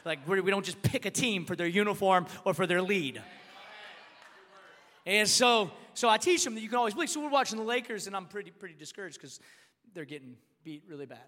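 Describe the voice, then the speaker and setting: Brief: male pastor, high and bright, emphatic storyteller, repeats himself, big reverberant hall. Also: a little fast. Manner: animated and emphatic, repeats words, rises to shouts. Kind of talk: storytelling sermon.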